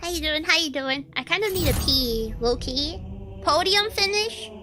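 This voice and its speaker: A woman's voice: high-pitched, moderate pace, slight background noise. A woman streaming a shooter game, chatting casually, swearing and yelping at the action. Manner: excitable, swears and yelps at the game.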